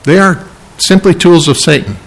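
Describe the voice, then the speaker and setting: Emphatic man preaching, higher voice. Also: moderate pace, creaky, poor audio. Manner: emphatic, repeats key phrases for stress. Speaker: pastor. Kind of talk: sermon.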